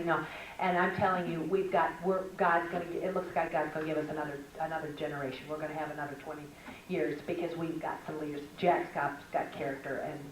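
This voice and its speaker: A middle-aged woman giving a lively spoken lecture at a Christian women's conference, telling stories and acting out what other people said. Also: deep voice. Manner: animated, storytelling, acts out quoted voices. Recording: echoey hall from a distance with background noise.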